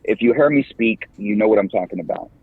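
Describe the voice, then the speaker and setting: A man in his forties, a podcast guest and campus minister, talking in a lively, slangy way and laughing often. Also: on the low side, quick pace, slightly rough, no echo. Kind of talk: casual interview talk. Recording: tinny phone-like line, dry.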